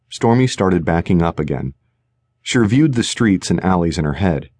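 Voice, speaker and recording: A man narrating a suspense audiobook in a measured, tense manner. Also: low voice, expressive, darkish tone, no room sound. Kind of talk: scripted narration. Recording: dry studio recording.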